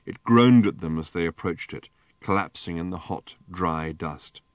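Deep-voiced male audiobook narrator. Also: measured pace, dry recording. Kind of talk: scripted narration.

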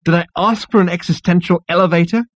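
A man playing a brash, impatient adventurer, exasperated and prone to shouty outbursts. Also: medium pitch, expressive, fast, slightly rough, dry recording.

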